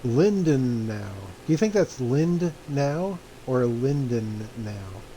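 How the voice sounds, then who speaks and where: A laid-back man chats loosely while he plays a flight game, his mid-pitched voice mellow and relaxed. His talk wanders and he chuckles now and then. A faint hum sits under the desk-mic sound. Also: unhurried, rough recording. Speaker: streamer playing a flight simulator. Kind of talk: casual gameplay commentary.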